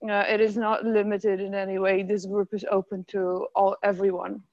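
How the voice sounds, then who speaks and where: A woman's voice: mid-range voice, little pitch movement, normal speed, a little mellow, no room sound. Woman meeting moderator on a call, courteous, filler-heavy, close and muffled. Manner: polite, many fillers. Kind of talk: online meeting chat. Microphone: video call. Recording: dry, muffled call audio.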